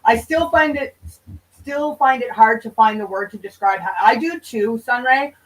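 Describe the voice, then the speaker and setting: Woman streamer, fairly high voice, a little off mic, casual and profane with her viewers. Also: moderate pace, distant mic, rough recording. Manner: loose, profane, banters with chat. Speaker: livestream host. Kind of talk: casual livestream chat reading viewer comments.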